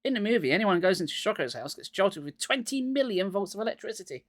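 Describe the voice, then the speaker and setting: A man reading aloud, voicing a calm, reassuring movie director. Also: high voice, fast, dry recording, clean studio sound, voice pushed up.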